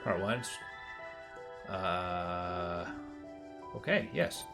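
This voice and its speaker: A man's voice: deep voice, animated, extremely slow, vocal fry, music in the background. A man streaming a puzzle game, commenting casually and reading the on-screen text aloud with offhand remarks.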